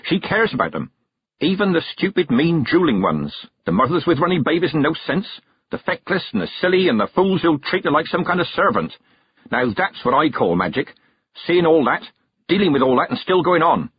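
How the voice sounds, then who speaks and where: A man voicing a stern, blunt old woman witch who talks in plain, rough country grammar, in a storybook reading. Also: a little high, big pitch swings, moderate pace, dry recording, highs cut off, voice pushed up, heavily acted. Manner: gruff, plain-spoken, dropped-g country grammar.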